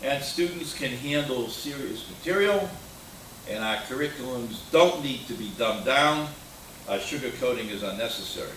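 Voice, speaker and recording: Older male keynote speaker, bright tone, blunt and anecdotal, picked up from afar in an echoey hall. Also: medium pitch, animated, moderate pace, slight background noise. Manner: opinionated, anecdotal, with frequent uh fillers. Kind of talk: conference keynote talk. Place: conference hall. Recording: roomy hall sound from a distant mic.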